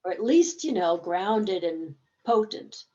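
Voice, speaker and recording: A woman's voice: medium pitch, lively intonation, slow pace, warm tone, muffled recording. A woman therapist explaining a game in a conversational teaching talk, acting out bits of dialogue as examples.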